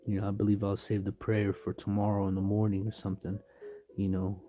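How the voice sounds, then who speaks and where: A man from San Diego talks through a scripture devotional in a loose, rambling way, full of fillers and street slang. His voice sits low and dark. Faint music plays underneath. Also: completely flat delivery, a little fast. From San Diego, California. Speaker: livestream preacher. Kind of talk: casual spoken devotional.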